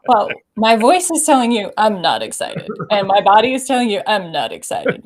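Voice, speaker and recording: A woman leadership coach speaking as an interview guest. She talks expressively and often drops to a soft, near-whispered tone. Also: mid-range voice, very animated, normal speed, few pauses. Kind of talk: conversational interview. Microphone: video call.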